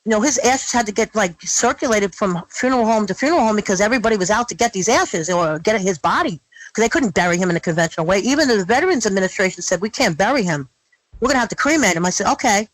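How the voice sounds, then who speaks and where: A middle-aged woman telling her story in an interview, blunt and animated, swearing freely. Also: medium pitch, quick pace, no echo, low-quality recording. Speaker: guest.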